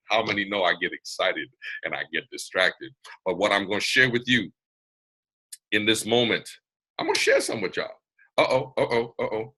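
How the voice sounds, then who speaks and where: Animateur au parler du Sud américain, exubérant, familier et plein de digressions, voix brillante sur un micro d'ordinateur. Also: male voice, medium pitch, slightly rough. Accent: Southern US. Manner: animated, digressive, folksy, laughing. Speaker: host of a mentorship webcast. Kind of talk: motivational talk on a video call. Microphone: computer mic on a video call.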